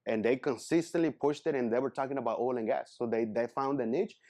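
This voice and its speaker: A man's voice: medium pitch, quick pace, a little mellow. A man in his thirties giving a casual motivational talk as a guest speaker, earnest and rambling, often calling people "man".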